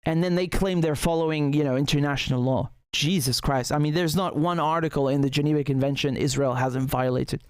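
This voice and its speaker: A man with a somewhat high voice delivers fired-up solo commentary in a dry, close-sounding recording. He speaks with indignation and biting sarcasm, repeating himself and restarting sentences as he pushes his point. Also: brisk, hardly any pauses, smooth, no room sound. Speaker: political commentator.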